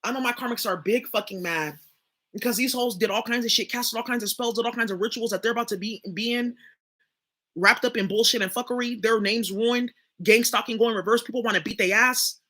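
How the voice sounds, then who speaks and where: Profane, bright-voiced young woman ranting. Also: fairly high pitch, a little fast. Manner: blunt, profane and emphatic, addresses viewers directly. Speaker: spiritual reader and channel host. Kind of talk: casual spoken monologue.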